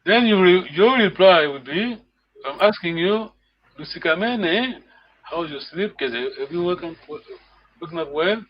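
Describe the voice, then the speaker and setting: A man's voice: high-pitched, animated, measured pace, muffled recording, slight background noise. A man from Congo, teaching a live online language lesson over a video call. He explains patiently and repeats words for his students to echo.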